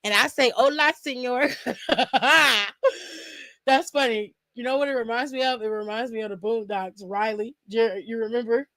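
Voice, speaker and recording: A woman's voice: on the high side, steady tone, moderate pace, pushed and bright, no room sound. A young woman hosting a casual live-stream aftershow, chatty and laughing often, talking straight to her viewers from home.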